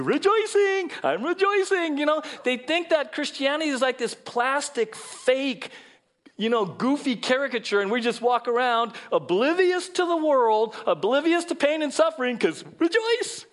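A middle-aged man preaches to his congregation with a high, lively voice. He swings from loud, mocking put-on voices to quiet asides. The delivery is animated and conversational. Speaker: pastor. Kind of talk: sermon. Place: church sanctuary.

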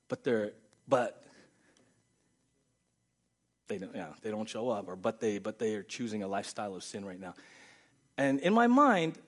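A man preaching a sermon, addressing the congregation with rhetorical questions, swinging from low, quiet stretches to high, loud ones. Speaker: pastor.

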